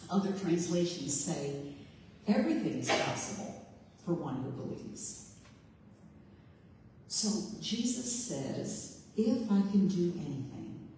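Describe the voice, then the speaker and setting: Speaking slowly with long pauses, a woman with a lowish, mellow voice gives an animated sermon to a congregation in a big room. She retells the story reflectively and questioningly, quoting the father and Jesus in their voices, heard from far off in an echoey hall with slight hiss or hum.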